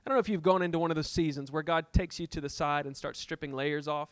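A man's voice: on the high side, fairly even intonation, fast, clear, resonant tone, no room sound. A middle-aged man preaching a sermon as pastor, telling a personal story and acting out his arguments with God, building to impassioned peaks.

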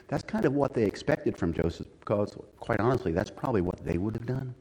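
A man preaching a sermon in church, folksy and conversational, building to loud, emphatic stretches. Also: fairly low pitch, animated, fast, hardly any pauses, breathy edge, low-quality recording. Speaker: pastor.

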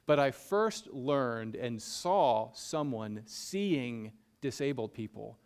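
A man's voice: medium pitch, expressive, slow, smooth. A man with a Southern US accent preaching a conversational sermon, folksy and self-deprecating, often repeating a point for emphasis. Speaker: pastor.

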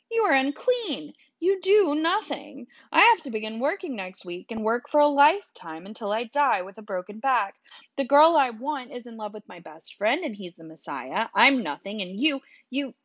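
Storybook figure: a woman playing a moody, sharp-tongued teen boy, in a dull, dry recording. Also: mid-range voice, sing-song, measured pace, husky, no room sound, pitched above the performer's own voice, heavily acted. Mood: angry, bitter. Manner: snappy, bitter, sarcastic.

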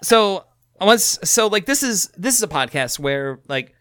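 A man co-hosting a podcast in casual chat, rambling and halting, often laughing. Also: high voice, sing-song, pushed and bright, dry recording, clean studio sound. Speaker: podcast co-host.

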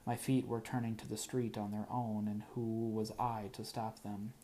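Male audiobook narrator, lower voice, dry wry first-person read. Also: flat delivery, moderate pace, warm tone, a little hiss or hum.

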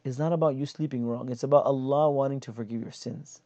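A man giving a casual, animated religious lesson, explaining hadith and acting out everyday complaints. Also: medium pitch, fast, no echo. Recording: dull lo-fi sound.

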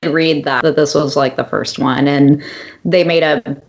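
A woman's voice: low-pitched, steady tone, unhurried, gravelly, highs cut off. A woman co-hosting a podcast in casual chat, talking with lots of ums and frequent laughs. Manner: chatty, laughs often, many ums. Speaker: podcast co-host.

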